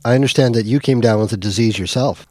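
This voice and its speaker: A male radio host, pitched in a middling range, who asks short, measured questions of his guest. The sound is dry and studio-close. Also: mellow, no room sound. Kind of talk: interview questions.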